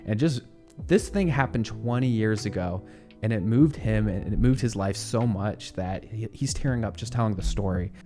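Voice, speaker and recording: A man's voice: lowish voice, moderate pace, dark tone, faint music behind. A man in his twenties hosting a casual good-news show, chatting and reacting to video clips in an upbeat, rambling way with frequent laughs. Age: 20s.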